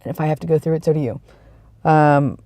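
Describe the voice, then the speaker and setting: A vlogger with a cold, sniffly and tired, chatting casually to the camera in a rambling, self-deprecating way that trails off into low mumbles. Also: steady tone, quick pace, dark tone, no room sound. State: sick with a cold, sniffly and congested; tired and yawning.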